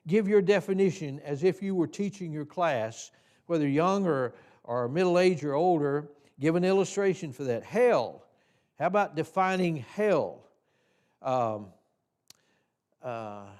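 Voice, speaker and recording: A man teaching a Sunday class in a church, folksy and halting, with frequent restarts and fillers. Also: on the high side, a little mellow. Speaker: Sunday school teacher trainer. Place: church hall.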